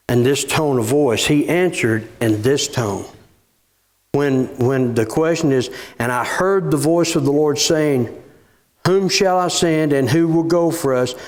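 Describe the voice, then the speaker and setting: Male pastor, slow and halting sermon delivery, high register, reads scripture between comments. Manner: halting, repeats words, reads scripture aloud. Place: church.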